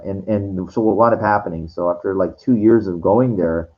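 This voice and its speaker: A man telling a personal story in a casual monologue, halting and rambling, with many restarts, fillers and casual swearing. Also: low voice, dull audio. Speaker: vlogger.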